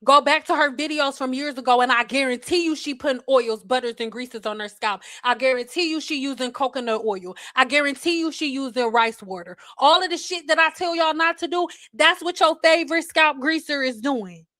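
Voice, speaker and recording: Blunt, exasperated high-voiced woman. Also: brisk, few pauses, bright, forceful tone, dry recording, studio quality. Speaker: hair care educator. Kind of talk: casual ranting livestream talk.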